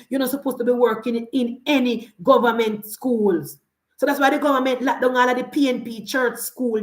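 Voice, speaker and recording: A woman's voice: on the high side, echoey room. Fiery Jamaican woman ranting in patois. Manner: fiery, switches between patois and standard English. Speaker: political commentator. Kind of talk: heated political rant.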